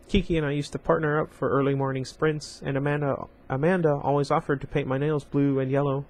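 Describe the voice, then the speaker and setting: A channel host gives a casual read-aloud of a young adult novel, reading it plainly and often pausing to chat with his viewers. He speaks fairly quickly in a fairly high voice with little pitch movement.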